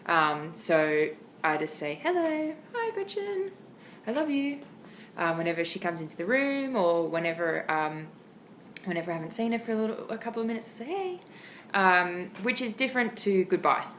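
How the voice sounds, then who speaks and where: A woman with an Australian accent casually sharing dog training tips at home, chatty and expressive with lots of ums. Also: fairly low pitch, a little fast, slight background noise, low-quality recording. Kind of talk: casual how-to talk to camera. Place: home, indoors.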